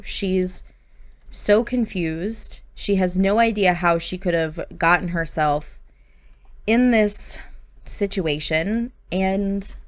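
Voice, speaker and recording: A woman narrating life-sim gameplay as a story in a gentle, sympathetic way. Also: fairly low pitch, no echo. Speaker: game storyteller.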